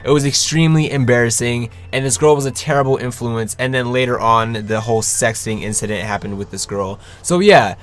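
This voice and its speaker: A man's voice: mid-range voice, fairly quick, few pauses. A young man casually telling a story to his viewers, swearing freely and acting out what people said. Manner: animated, swears freely, acts out quotes. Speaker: vlogger.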